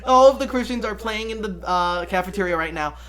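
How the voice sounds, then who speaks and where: A man's voice: high-pitched, fairly quick, crowd noise. Giggly, rambling young guy reviewing. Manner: rambling and giggly, retells scenes in quoted voices; full of fillers and profanity. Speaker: movie reviewer. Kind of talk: casual late-night review chat.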